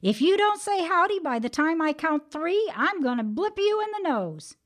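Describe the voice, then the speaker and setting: A woman voicing an indignant, hot-tempered male rabbit who hollers in a high folksy drawl. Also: big pitch swings, normal speed. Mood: indignant, hollering.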